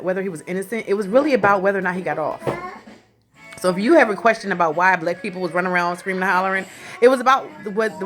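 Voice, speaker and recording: A woman in her forties talking in a casual commentary vlog, animated and chatty, often laughing as she speaks. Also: medium pitch. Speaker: vlogger.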